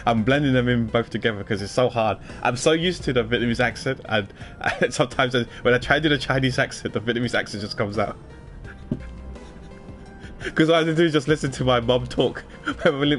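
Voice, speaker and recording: A man streaming a game, commenting between scenes with quick, laughing asides. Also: medium pitch, fairly bright tone. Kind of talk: let's-play commentary.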